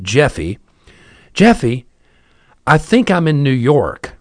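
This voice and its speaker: A man's voice: medium pitch, wildly swooping pitch, slow pace, no echo, exaggerated voice. A man voicing a panicked seventeen-year-old girl in a frantic, raised voice.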